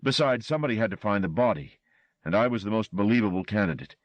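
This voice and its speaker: A man's voice: lowish voice, animated, fast talker, no room sound, voice pushed up, natural voice. A man voicing a frightened, blustering male chauffeur who insists and pleads. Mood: pleading.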